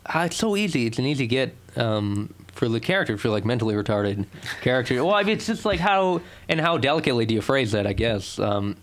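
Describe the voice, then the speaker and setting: A man's voice: medium pitch, sing-song, fairly quick. Rambling young man with a Boston accent. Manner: rambling, many fillers and restarts, laughs often. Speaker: podcast co-host. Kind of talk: casual podcast banter.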